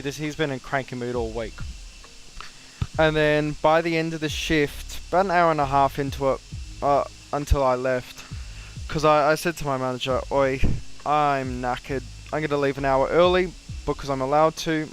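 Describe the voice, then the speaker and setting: Telling a work story in a relaxed way, this young Australian flight sim streamer gets animated, mimicking other people in raised voices. He has a mid-range voice and a moderate pace, and a slight hiss or hum runs underneath.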